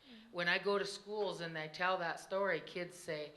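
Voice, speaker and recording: A woman telling a traditional story as a tribal storyteller on a panel, animated and laughing often. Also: lowish voice, moderate pace. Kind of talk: oral storytelling.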